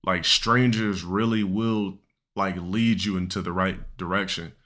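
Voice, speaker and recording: A man's voice: low-pitched, fairly even intonation, measured pace, a bit bright. A young man streaming live, telling a long, rambling, profane story to his chat with many restarts and fillers.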